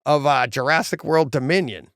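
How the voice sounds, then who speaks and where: A man's voice: a little high, moderate pace, a bit bright, dry recording, clean studio sound. A man co-hosting a podcast, telling stories animatedly, mimicking people and laughing often. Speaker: podcast co-host. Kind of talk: casual chat.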